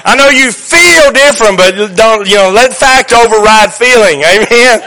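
A man preaches in a folksy, joking way, and he leans hard on his points. His voice sits high for a man and rings bright and forceful. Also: lively intonation, normal speed. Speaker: pastor. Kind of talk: sermon.

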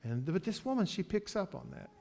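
A man preaching a sermon, moving from quiet asides to loud, drawn-out declarations. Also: high-pitched, very animated. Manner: slow, emphatic preaching with sports metaphors; swings from soft asides to loud, stretched-out declarations. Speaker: pastor.

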